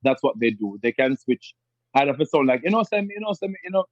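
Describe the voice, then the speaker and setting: The recording is muffled and free of room sound as this Jamaican-accented man talks fast in a conversational interview. Animated throughout, he imitates other dialects, his pitch leaping around as he does.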